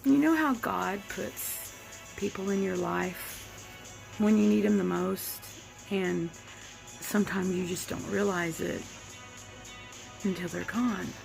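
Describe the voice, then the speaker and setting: A woman, telling a personal story in a candid, reflective way with many pauses. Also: medium pitch, gravelly, over music, low-quality recording. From Oklahoma. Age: 40s. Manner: candid, reflective, halting with fillers. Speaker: vlogger.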